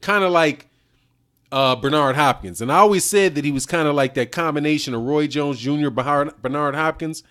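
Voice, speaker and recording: A man with a slightly higher voice talks loosely and in slang. He laughs a lot and keeps saying "dog" and "man" as he chats with his viewers on a live stream. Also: fairly bright tone. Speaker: boxing channel host. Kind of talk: casual livestream chat reading super chats.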